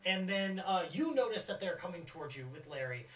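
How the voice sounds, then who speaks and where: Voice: mid-range voice, expressive, fairly quick, a bit bright, far from the mic, soft background music. Roomy, off-mic game master. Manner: rambling, calls for dice rolls. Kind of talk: narrating a tabletop game.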